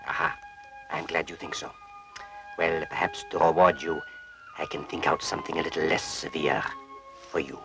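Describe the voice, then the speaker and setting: A man's voice: rumbling low, fairly even intonation, moderate pace, gravelly, long pauses, music in the background, low-quality recording. An actor playing an English hero disguised as a mad old male judge, speaking in a playful, mock-menacing way. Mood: mock-stern. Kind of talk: 1950s television drama acting.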